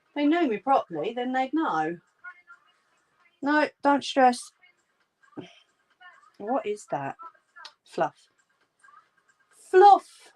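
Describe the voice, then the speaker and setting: Slow, homely woman chatting. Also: fairly high pitch, big pitch swings. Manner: reassuring, homely, calls viewers "love". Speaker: crafting livestream host. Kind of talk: casual chat while crocheting, answering viewers' comments. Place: warm room at home.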